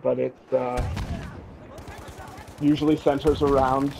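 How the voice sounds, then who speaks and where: A man's voice: medium pitch, level tone, slow pace, vocal fry, darkish tone, slight background noise, low-quality recording. A man who leads a gaming clan, chatting casually in an interview, easygoing and laughing often. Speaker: clan leader.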